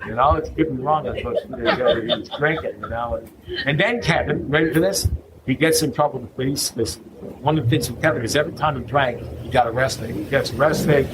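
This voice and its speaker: A man speaking at a recovery meeting, telling a humorous story to a live audience. He keeps checking in with "you know what I mean?" and jumps into a higher voice to act out what other people said. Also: a little fast, noisy background. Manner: acts out others' lines in a raised voice.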